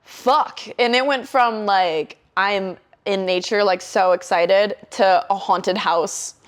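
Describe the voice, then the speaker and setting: A young woman telling a story in casual podcast chat, animated and swearing often, acting out her own quotes. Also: mid-range voice, slow pace.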